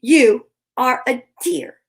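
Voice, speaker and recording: A woman's voice: high-pitched, slow, gravelly, voice pushed up, heavily acted. A woman voicing a teasing, cheerful male deer in a storybook reading.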